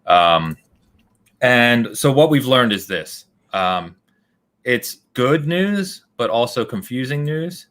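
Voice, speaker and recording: A man's voice: mid-range voice, lively intonation, slow pace, a bit bright. A man co-hosting a podcast, talking casually and animatedly, laughing often and thinking aloud with fillers. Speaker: podcast co-host.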